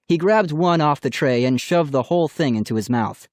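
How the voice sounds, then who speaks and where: A man's voice: a little high, lively intonation, normal speed, hardly any pauses, darkish tone, no room sound. Man reading a storybook aloud, dry close sound. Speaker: audiobook narrator. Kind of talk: scripted storybook narration.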